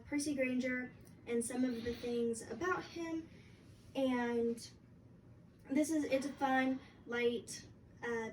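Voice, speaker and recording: This is an instructional music lesson from a young woman teaching flute, her voice sitting high with a slightly mellow quality. She explains things casually and haltingly, using many fillers, while the far-off mic catches faint background noise.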